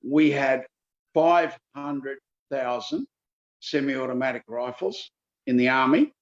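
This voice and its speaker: A man in his seventies with a Queensland Australian accent, answering interview questions in a folksy, emphatic way and repeating figures slowly for effect. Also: mid-range voice, dull audio. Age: 70s. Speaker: politician guest.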